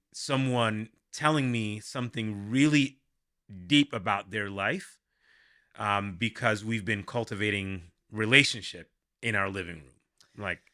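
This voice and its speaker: A young adult man hosting a casual podcast as a worship leader, animated and laughing, thinking aloud with restarts. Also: medium pitch.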